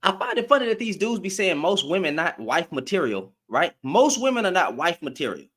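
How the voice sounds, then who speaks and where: A man with a high voice hosts a live stream and argues straight at his chat. His pitch swings widely as he rants, calls out commenters and repeats lines for emphasis. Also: big pitch swings, a little fast, fairly bright tone. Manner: addresses commenters directly, slangy.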